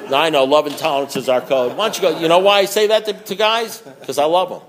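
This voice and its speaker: A man speaking at a recovery meeting in a slightly high voice. He tells folksy stories, acts out both sides of his conversations and is blunt and joking. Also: quick pace, hardly any pauses. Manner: blunt, joking, laughs often.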